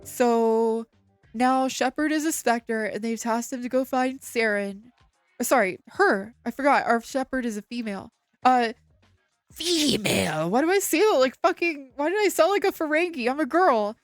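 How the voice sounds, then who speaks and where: A woman's voice: high-pitched, normal speed, no room sound, soft background music. Chatty streamer woman, dry close mic. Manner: chatty, swears casually, recaps story with quoted voices. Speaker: VTuber streamer. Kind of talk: casual gameplay commentary.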